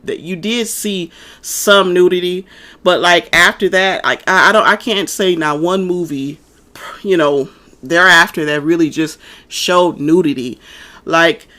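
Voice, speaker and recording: A woman's voice: on the low side, measured pace, sharp tone. Blunt, profane woman ranting. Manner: blunt, profane, rambling with many fillers. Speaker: movie reviewer. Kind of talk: casual rant.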